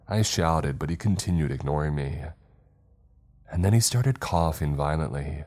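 A man reading a scripted first-person horror story in a tense, steady way. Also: extremely low pitch, moderate pace.

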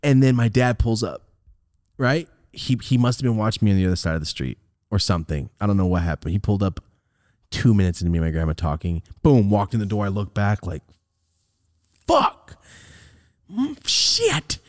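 A young man telling a story on his podcast in a casual, animated way, swearing and acting out the lines of the people he quotes. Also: fairly low pitch, fast talker, no echo, clean studio sound. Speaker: podcast host.

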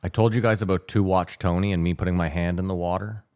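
A man with a very deep voice tells a long, rambling story in a casual podcast chat. He acts out the people he quotes as he goes. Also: fairly even intonation, fast talker, a little mellow. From Canada. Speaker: podcast co-host.

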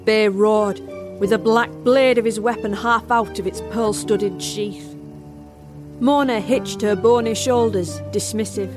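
A woman's voice: mid-range voice, fairly even intonation, a little slow, close to an everyday voice. A woman narrating a first-person horror tale as a barmaid in an audio drama. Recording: music score underneath.

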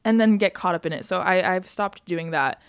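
A bubbly young woman from the US talks through a casual podcast monologue, chatty and excitable. Her voice sits a little low and sounds smooth and clear, recorded dry and close on the mic. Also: no room sound. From United States. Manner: bubbly and chatty, quick bursts and laughs. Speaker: podcast host.

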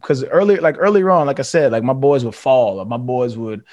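A man's voice: mid-range voice, fairly quick, darkish tone, no room sound. A man speaking as a podcast guest, earnest and reflective, often restarting his sentences in candid casual conversation. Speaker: podcast guest, former pro football player.

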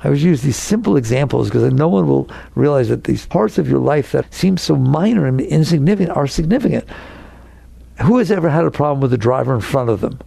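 A man's voice: mid-range voice, lively intonation, fairly quick, vocal fry, mellow, breathy edge, no echo. A man giving a conversational spiritual talk to a live audience, full of rhetorical questions and teasing challenges to his listeners. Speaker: spiritual teacher.

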